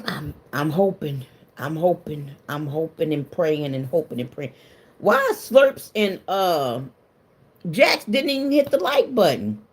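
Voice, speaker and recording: A woman's voice: deep voice, sing-song, measured pace, husky. Woman, livestream host, casual chat, greets viewers by name, emotional, laughs a lot. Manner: emotional, confiding.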